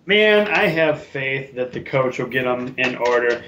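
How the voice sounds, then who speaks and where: A man's voice: medium pitch, lively intonation, unhurried, sharp tone, slight background noise, poor audio. A man co-hosting a casual sports picks show, talking in a chatty, rambling way with plenty of fillers.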